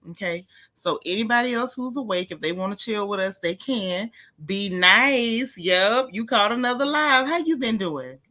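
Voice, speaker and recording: A woman's voice: fairly high pitch, pushed and bright. A woman hosting a late-night livestream, chatting casually and greeting viewers as they join. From US central time zone. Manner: chatty, drawling, calls viewers honey and y'all.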